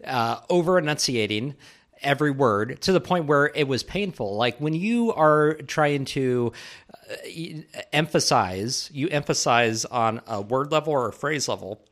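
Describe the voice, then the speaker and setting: A man co-hosting a casual political talk show, speaking in animated, emphatic bursts. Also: medium pitch, unhurried. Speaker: political commentary co-host.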